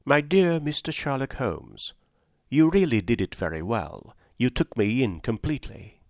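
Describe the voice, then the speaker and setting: A man voicing a clever young woman's letter, read in a poised, gently mocking manner. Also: mid-range voice, sing-song, a little slow, vocal fry, no room sound, clean studio sound.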